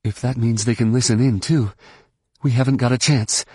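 A man's voice: medium pitch, fairly even intonation, normal speed, darkish tone, slightly rough, no room sound, studio quality, natural voice. A man reading an audiobook and voicing a woman administrator who speaks with urgent alarm. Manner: urgent, exclaiming.

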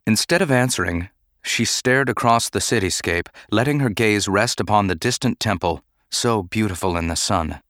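A man narrating a novel in a measured, even way. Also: on the low side, no echo, clean studio sound. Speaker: audiobook narrator. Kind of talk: scripted narration.

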